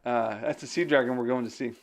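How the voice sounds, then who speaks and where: Speaking quickly in a steady, mid-range voice, a man streams a game and muses aloud, talking to himself and his audience between reflections on scripture. He is a game streamer and digital missionary, and his chat is relaxed and talkative.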